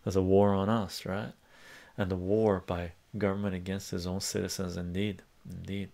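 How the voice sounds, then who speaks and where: A man with a gravelly, fry-laden voice hosts a live stream in a loose, rambling way. He reads messages aloud and wanders between thoughts with plenty of restarts. His voice sits fairly low. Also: level tone, moderate pace, dark tone. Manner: rambling and conversational, many fillers and restarts, reads lyrics aloud. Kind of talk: casual live-stream chat, reading chat messages.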